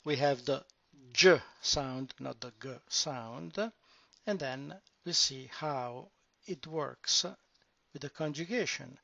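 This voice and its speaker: A man teaching a grammar lesson, explaining slowly and deliberately and drawing out example words. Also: medium pitch, gravelly, sharp tone, no room sound. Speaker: language teacher. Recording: dull, dry lo-fi sound.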